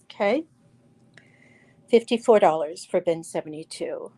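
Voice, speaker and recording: Hosting a live crystal sale, this woman speaks in a lowish, dark, unhurried voice. Her talk is chatty and full of fillers and restarts, and she greets viewers by name as she shows off the stones.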